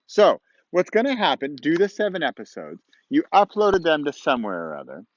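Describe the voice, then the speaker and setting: A man's voice: fairly high pitch, big pitch swings, brisk, highs cut off, a little hiss or hum. A man hosting his own show in casual, encouraging talk, chatty and rambling with playful asides, recorded outdoors at dawn. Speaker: host of a motivational podcast-vlog.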